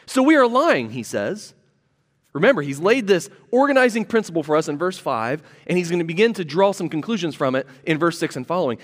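A man's voice: a little high, very animated, fairly quick, big-room sound. A man preaching a sermon as pastor, teaching earnestly and repeating key phrases for emphasis.

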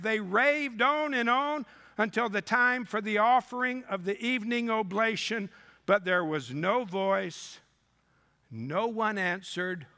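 A man's voice: sits high, sharp tone. A male preacher reading scripture in a sermon and breaking in with sarcastic asides. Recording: long hall reverb.

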